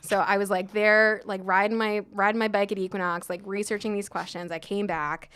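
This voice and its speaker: A woman's voice: medium pitch, fairly quick, smooth. Chatty woman telling her story. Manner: chatty, animated, many "like" fillers, laughs often. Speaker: guest sommelier. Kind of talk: casual interview storytelling.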